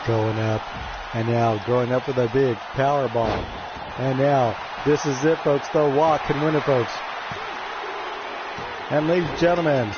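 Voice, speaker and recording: A man calls a wrestling video game match in jokey announcer patter, stumbling over his words and restarting lines while tossing "folks" at his viewers. His voice sits at an ordinary middle pitch. The audio is muffled and dull, buried under a roaring game crowd and loud noise. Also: fairly even intonation, measured pace, pauses often. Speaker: wrestling game commentator and stream host. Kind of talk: play-by-play commentary on a video game stream.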